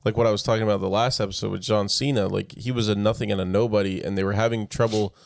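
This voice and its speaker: A man's voice: lowish voice, racing, gravelly. A man co-hosting a podcast, chatting casually and telling stories animatedly, peppered with "like". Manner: animated storytelling full of "like". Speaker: podcast co-host. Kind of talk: casual chat.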